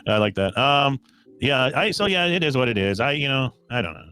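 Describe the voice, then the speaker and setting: A man's voice: mid-range voice, big pitch swings, a little fast, pushed and bright, clean tone. A man hosting a live call-in stream, defending himself and talking over callers, often repeating his point. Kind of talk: heated live call-in chat.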